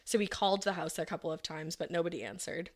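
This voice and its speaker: A woman's voice: on the low side, fast talker. A woman hosting a podcast, casually telling a true-crime story with many "like" fillers and acted-out quotes. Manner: conversational, frequent "like" fillers, acts out quotes. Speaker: podcast host.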